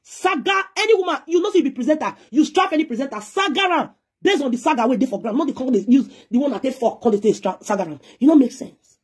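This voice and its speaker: A woman with a Nigerian Pidgin accent talks fast, scolding and preaching on a live video. Her voice is husky, and she switches freely between pidgin and English. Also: high-pitched, expressive, a little mellow. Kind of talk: heated live-stream rant.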